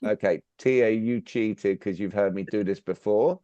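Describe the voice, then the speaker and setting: Leading a sales workshop over video call, a man talks straight to his listeners and keeps drilling them with questions. His voice sits on the low side, warm and measured in pace, and the recording is dull and dry with no echo.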